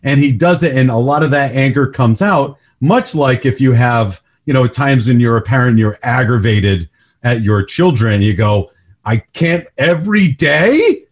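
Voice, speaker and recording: Emphatic man in casual movie talk. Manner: emphatic, animated, rises in pitch for emphasis. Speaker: podcast host.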